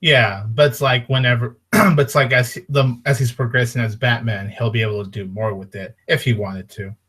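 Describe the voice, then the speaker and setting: A man's voice: medium pitch, steady tone, normal speed, a bit bright, slightly rough. A man chatting casually as a guest on a movie podcast, with lots of fillers and an agreeable manner.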